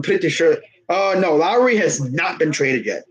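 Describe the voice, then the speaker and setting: Excitable young man streaming sports. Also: fairly high pitch, normal speed, hardly any pauses, poor audio. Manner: excitable, rambling, laughs often. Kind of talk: casual livestream sports commentary.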